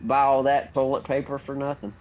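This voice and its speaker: A man chatting casually during a shared farming game. He teases the host and mopes with mock self-pity, in a voice of ordinary pitch. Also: completely flat delivery, a little fast, muffled recording. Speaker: fellow player. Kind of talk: casual chat.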